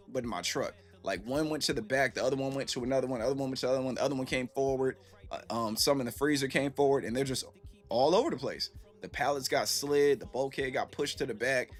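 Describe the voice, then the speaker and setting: A man streaming from home in a casual, reflective chat, often saying "you know what I'm saying" and answering his chat. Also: medium pitch.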